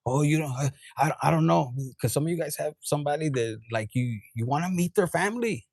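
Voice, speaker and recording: A man giving a casual, animated tarot reading straight to camera, swearing freely and dropping into quoted voices and bits of Spanish. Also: on the high side, no echo, studio quality. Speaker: tarot reader.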